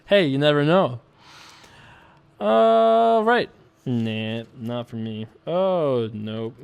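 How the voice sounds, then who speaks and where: A young man talks his way through online poker hands in a loose, rambling style. He stops and restarts often and reads viewer questions out loud. His voice sits a little high and sounds smooth and clear. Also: lively intonation, very slow, phone-quality sound. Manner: rambling, chatty, self-correcting. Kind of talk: casual commentary while playing.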